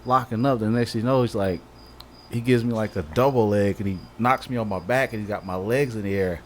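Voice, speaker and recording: A man co-hosting a casual podcast, telling a story in lively fashion and acting out every quote with "I'm like". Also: fairly low pitch, fairly quick. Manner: animated storyteller, acts out quotes with many "I'm like". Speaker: podcast co-host. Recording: faint background noise, live stream audio.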